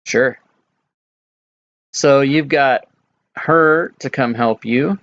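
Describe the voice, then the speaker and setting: A man running a tabletop game as dungeon master, talking casually with pauses and fillers. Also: mid-range voice, fairly bright tone, dull audio.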